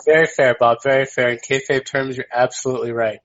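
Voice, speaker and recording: A man's voice: medium pitch, fairly even intonation, quick pace, fairly bright tone. A man talking as a guest on a podcast, making emphatic points and peppering them with "you know". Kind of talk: casual podcast discussion. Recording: dull lo-fi podcast audio.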